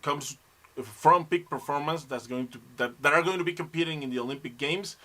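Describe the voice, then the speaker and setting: A man hosting a podcast, speaking English as a Spanish speaker. His voice is bright and a bit high. He stumbles and restarts as he builds his questions. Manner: halting, many restarts and fillers. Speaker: podcast host. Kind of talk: interview questions.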